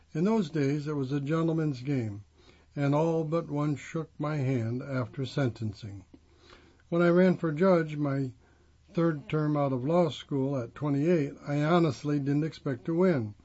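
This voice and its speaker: Male reader, slightly higher voice, steady phrase-by-phrase read; dull lo-fi recording. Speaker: reader of a magazine profile. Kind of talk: reading a first-person profile aloud.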